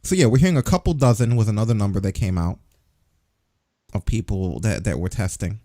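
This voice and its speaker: Male podcast co-host, sarcastic and profane, mellow dark tone, dry close sound. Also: on the low side, expressive, a little fast, no room sound. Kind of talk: casual news chat.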